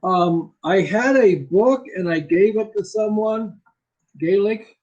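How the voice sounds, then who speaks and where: A man's voice: high-pitched, takes it slowly, darkish tone, dull audio. A man who is a native English speaker, tutoring English in a casual conversation over a video call, emphatic and repeating his key phrases.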